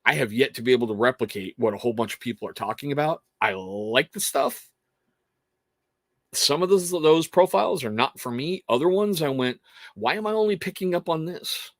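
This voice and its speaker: A man's voice: medium pitch, animated, brisk, no room sound, studio quality. Rambling man hosting a livestream. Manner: rambling, self-interrupting, earnest. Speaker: livestream host. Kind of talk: casual livestream chat.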